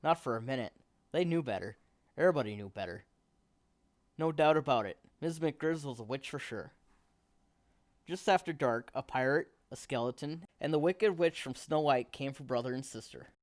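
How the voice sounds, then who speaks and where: A man reading a children's picture book aloud in a steady, expressive storytelling manner. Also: medium pitch, moderate pace, no room sound.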